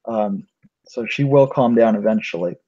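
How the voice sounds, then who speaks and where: A man who is game master, narrating a tabletop game in a relaxed way, with plenty of fillers. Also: fairly low pitch, moderate pace. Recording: dull lo-fi recording.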